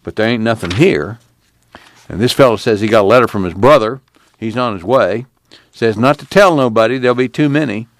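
A man's voice: medium pitch, fairly quick, no room sound, clean studio sound, close to an everyday voice. A man voicing a weary drifter who talks in a plain, blunt rural drawl.

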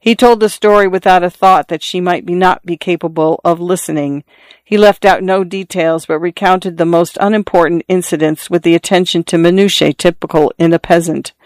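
A measured audiobook narrator reads a classic tale with steady, even storytelling. The voice is smooth and resonant. It sits close and dry on a studio mic with no room around it. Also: mid-range voice, dry recording.

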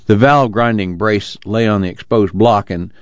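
A man reading a novel aloud in steady, measured scripted narration. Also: on the low side, no echo. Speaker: audiobook narrator. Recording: dull lo-fi recording.

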